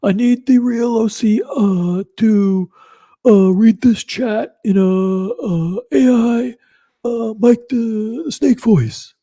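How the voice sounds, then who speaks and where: A man putting on a halting, high impression of a friend, stalling on every few words. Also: warm tone, dry recording, full character voice. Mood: mocking.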